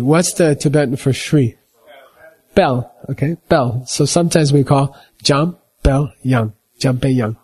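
Slow, husky-voiced man teaching meditation. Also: medium pitch, darkish tone. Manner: keeps checking in with "okay?" and homely examples. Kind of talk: slow explanatory teaching talk.

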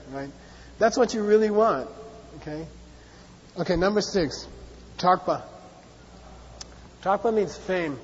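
High-voiced male teacher with a chatty, sarcastic lecture style, muffled recording in a reverberant hall. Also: a little hiss or hum. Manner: chatty, repetitive, acts out voices with playful sarcasm. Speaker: Buddhist teacher. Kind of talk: dharma class lecture.

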